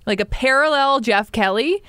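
A woman in casual podcast chat, talking in quick tangents with many fillers. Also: sits high, a bit bright, clear, resonant tone, no echo, clean studio sound.

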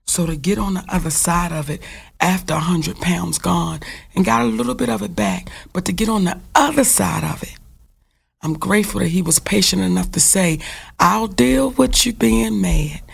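A woman's voice: lowish voice, animated, normal speed, gravelly, slightly rough. Frank, profane woman co-host, telling heartfelt stories. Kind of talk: candid casual talk.

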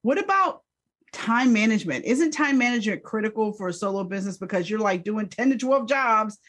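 A woman hosting a business podcast in casual interview chat, upbeat and quick to laugh. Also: medium pitch, animated. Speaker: podcast host.

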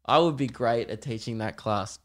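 A man's voice: medium pitch, moderate pace. A young man hosting a podcast, rambling in a crude, joking way and acting out little scenes. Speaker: podcast host. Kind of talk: casual comedic monologue.

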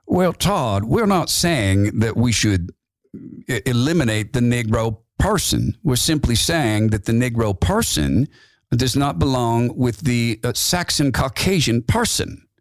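A man putting on the slow, halting, pompous voice of an older male white supremacist leader. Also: mid-range voice, lively intonation, dry recording, studio quality, lightly acted.

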